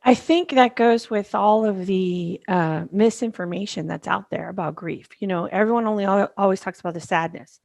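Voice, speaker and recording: A woman's voice: mid-range voice, moderate pace, creaky, hardly any pauses, a little mellow, dry recording, clean studio sound. A middle-aged woman co-hosting a podcast, speaking emphatically in casual conversation and repeating words for stress. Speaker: podcast co-host, grief specialist.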